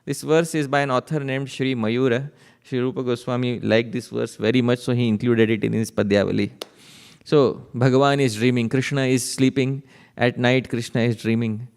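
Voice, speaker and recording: A man preaches to his congregation, chanting verses and posing questions to the room. His voice is smooth and resonant at a middle pitch, and a long reverb trails it through the temple hall. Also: fairly even intonation, moderate pace, a little mellow. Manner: chanting verses, asking the audience rhetorical questions. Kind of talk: devotional sermon with storytelling.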